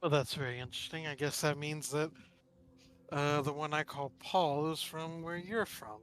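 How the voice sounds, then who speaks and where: A man's voice: a little high, steady tone, moderate pace, fairly bright tone, a little hiss or hum. A man playing a tabletop game, talking in character in a wry, dry way. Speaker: player.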